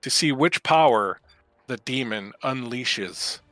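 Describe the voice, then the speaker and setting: A man's voice: medium pitch, lively intonation, slow pace, pushed and bright, dry recording, faint music behind. A man narrating a tabletop game as game master, telling the story in a descriptive, dramatic way over a video call.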